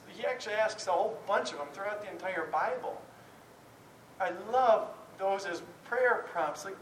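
A man's voice: high voice, fairly bright tone. A man who teaches Bible, giving an informal talk to a class in a candid, chatty way with frequent chuckles and restarts. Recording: roomy, distant mic, faint background noise.

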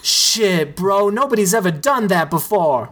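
A hyped-up young bro dancer played by a male reader gushes and swears in a voice pushed well above the reader's own. His lines are loud, excited and full of slang. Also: high-pitched, a little slow, pitched above the performer's own voice, full character voice.

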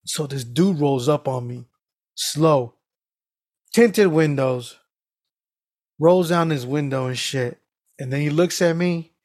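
A man on a casual podcast, telling animated stories with lots of swearing and laughter. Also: a little high, slow, pauses often, dry recording, studio quality. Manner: animated storytelling, heavy swearing, frequent laughs. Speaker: podcast co-host.

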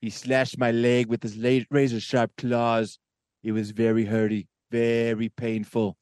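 A boastful, rambling older politician, as a man puts him on, telling a tall tale full of self-corrections. The voice sits at a middle pitch. The sound is close and dry. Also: flat delivery, a little slow, darkish tone, clean tone, dry recording, natural voice. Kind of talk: comedy impression narrating a story.

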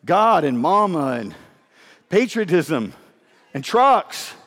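A male pastor delivers a sermon in a high voice, emphatic and conversational. He is losing his voice and sounds hoarse and winded. His words ring out with a long reverb in an echoing hall. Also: sing-song, slow, a bit bright.

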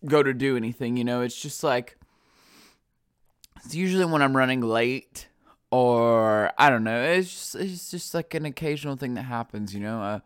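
A man's voice: medium pitch, moderate pace, clear, resonant tone, no room sound, clean studio sound. A man with a stuffy nose hosting his podcast alone, rambling in casual chat full of fillers. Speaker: podcast host.

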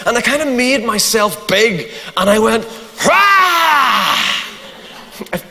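Northern Irish male pastor, high-pitched, humorous storyteller, hall reverb. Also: normal speed. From Northern Ireland. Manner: animated, humorous anecdote with asides to the crowd. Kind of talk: sermon storytelling.

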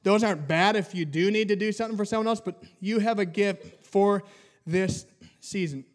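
A man's voice: sits high, moderate pace. A man preaching a sermon as pastor, mixing humorous family stories with teaching and acting out bits of dialogue.

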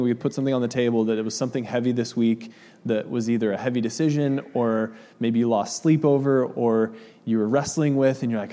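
Relaxed man preaching in a reverberant hall. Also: mid-range voice. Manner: relaxed, chatty, laughs easily with the congregation. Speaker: pastor. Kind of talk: casual sermon with scripture reading. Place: church hall with audience.

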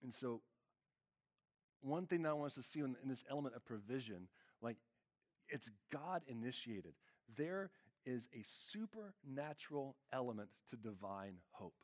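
Male lead pastor, conversational sermon, earnest and casual, lots of fillers, mid-pitched voice. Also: expressive, moderate pace.

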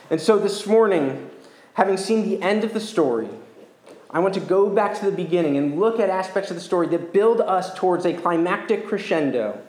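High-voiced man preaching in an echoey church. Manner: earnest, measured preaching with slow emphatic stresses. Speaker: pastor. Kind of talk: sermon.

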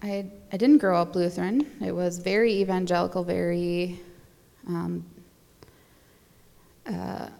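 A woman's voice: mid-range voice, mellow, in a large hall. A young adult woman chatting casually as a guest, rambling with fillers and little laughs. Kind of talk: casual conversation.

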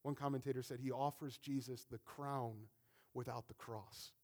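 A man preaching a conversational, animated sermon as a pastor, often repeating words as he builds a point. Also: medium pitch, normal speed.

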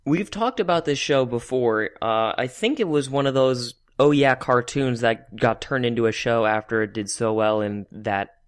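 A man's voice: medium pitch, moderate pace, hardly any pauses, clean tone. A man co-hosting a podcast in easygoing chat, needling his partner. He stumbles and restarts as he talks, in a plain mid-range voice. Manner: teasing, stammers on restarts. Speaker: podcast co-host. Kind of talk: casual chat.

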